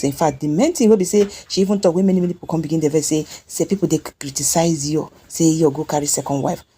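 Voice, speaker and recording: A Nigerian woman delivering gossip commentary in a husky, slightly low voice. She talks in a chatty, scolding way and switches freely between Pidgin and English. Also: warm tone. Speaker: celebrity gossip vlogger.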